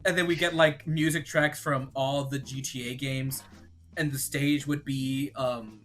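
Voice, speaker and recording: A young man chatting casually as a podcast co-host, excitedly acting out scenes with loud voices and swearing. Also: medium pitch, unhurried, soft background music. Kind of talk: casual chat.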